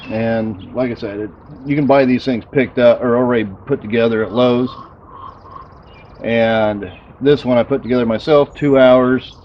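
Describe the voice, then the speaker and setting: A man's voice: medium pitch, normal speed, highs cut off, a little hiss or hum. A man hosting a casual outdoor cooking vlog, tasting and chatting while he eats. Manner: relaxed, eating while talking. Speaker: channel host.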